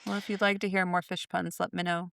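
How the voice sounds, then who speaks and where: A woman's voice: on the low side, flat delivery, creaky, fairly bright tone. A woman co-hosting a podcast, joking and laughing often in casual chat. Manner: giggly, joking, quick to laugh. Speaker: podcast co-host.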